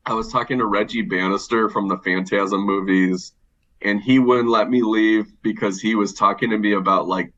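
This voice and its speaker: A man's voice: fairly low pitch, steady tone, moderate pace, a bit bright. A man chatting casually as a podcast guest, rambling with lots of fillers. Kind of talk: casual chat. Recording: dull, lo-fi sound.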